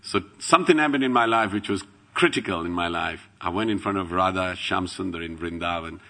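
A middle-aged man tells devotional stories in a low, gravelly voice with a bright, forceful edge. He swings from loud exclamations to hushed asides and laughs as he goes. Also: fairly quick. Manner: laughs while telling stories. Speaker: devotional speaker. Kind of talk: devotional storytelling talk.

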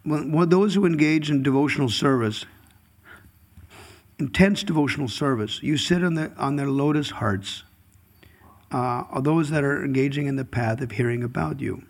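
A man's voice: mid-range voice, normal speed, gravelly. A man giving a devotional scripture class in a chuckling, storytelling way, chanting verses at times. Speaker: scripture speaker.

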